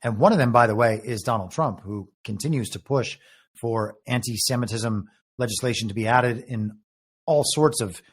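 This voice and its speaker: A man's voice: medium pitch, moderate pace, breathy edge. Man giving political commentary. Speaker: show host and moderator. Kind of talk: political commentary, reading out news.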